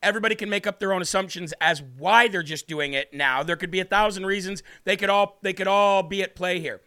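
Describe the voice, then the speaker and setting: A man hosting a political talk show, questioning his guest in an emphatic, forceful way. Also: high-pitched, brisk. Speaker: host.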